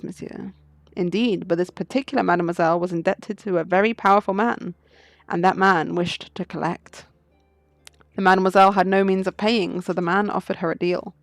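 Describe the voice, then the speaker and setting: A woman's voice: fairly low pitch, gravelly, no room sound. Woman voicing a suave riddling fox fugitive. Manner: poised, riddling storyteller. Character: suave male fox fugitive, cryptic and theatrical.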